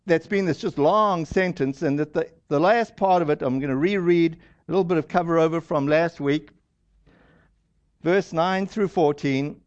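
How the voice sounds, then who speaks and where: A man's voice: fairly high pitch, moderate pace, lo-fi sound. A man preaching a sermon in a casual, conversational storytelling manner, acting out the lines he quotes.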